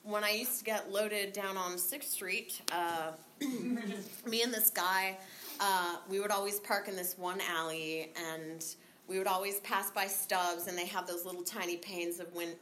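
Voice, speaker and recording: A woman telling her recovery story in a candid, rambling way, swearing freely, laughing often and filling pauses with um and like. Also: mid-range voice, steady tone, a bit bright, a little hiss or hum. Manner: rambling with many fillers. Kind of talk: casual spoken recovery story.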